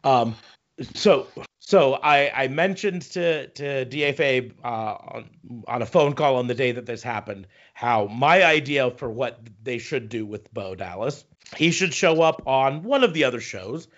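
Brief: swearing, ranting podcast co-host, mid-pitched man, muffled lo-fi audio. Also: animated, fairly bright tone. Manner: profane, ranting, halting restarts. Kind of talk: casual wrestling chat.

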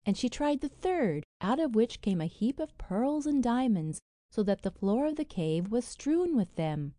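Woman reading an old fairy tale, lively up-and-down voice, dry close sound. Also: medium pitch, a little slow, dry recording. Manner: expressive, reads quoted lines with feeling. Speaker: narrator. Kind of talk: storybook narration.

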